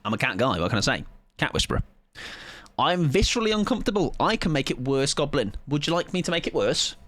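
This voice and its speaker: A man's voice: a little high, big pitch swings, quick pace, a bit bright, no echo. A man streaming a game and bantering with his chat, rambling and teasing himself with frequent laughter. His voice leaps up and down expressively, and the sound is close and dry with no room around it. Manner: playful, rambling, self-mocking, laughs often. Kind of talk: casual live-stream chat with viewers.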